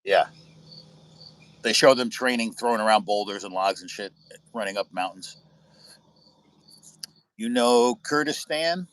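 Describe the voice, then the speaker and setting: Casting: American man, medium pitch, loose storyteller, dry close sound. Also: a little slow, pauses often, fairly bright tone, dry recording. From United States. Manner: rambling storyteller, swears freely. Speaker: livestream host. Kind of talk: casual chat with viewers. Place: indoors at home by a window.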